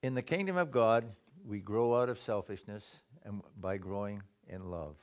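In this sermon, a man reads scripture and then explains it at a moderate pace, shifting back and forth between loud, emphatic lines and soft, low asides.

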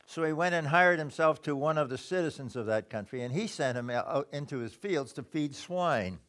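Expressive and speaking at a moderate pace, a male preacher reads passages from scripture and unpacks them, his volume swinging from forceful emphasis to hushed, low side remarks.

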